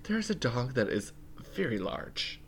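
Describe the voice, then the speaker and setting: A man's voice: mid-range voice, big pitch swings, unhurried, a little hiss or hum. A man co-hosting a casual podcast, joking around and reading a sponsor ad. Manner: playful, jokey interjections. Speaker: podcast co-host. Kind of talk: casual chat and ad read.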